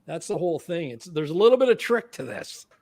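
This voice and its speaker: A man's voice: sits high, big pitch swings, quick pace, darkish tone. A man with a Canadian accent hosting a casual livestream chat, playful and laughing as he keeps score. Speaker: podcast host.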